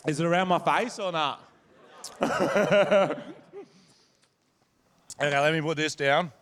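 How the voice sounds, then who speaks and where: An Australian man doing stand-up comedy, telling crude, animated stories on stage. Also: fairly high pitch, takes it slowly. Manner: crude, animated storytelling with crowd laughter. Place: live comedy venue with audience. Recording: live stage recording with crowd. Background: audience laughter.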